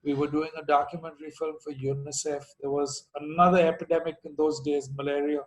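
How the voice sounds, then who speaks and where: A man's voice: on the high side, flat delivery, brisk, rough recording. A middle-aged man from India telling his recovery story to a meeting, with dry jokes and asides along the way.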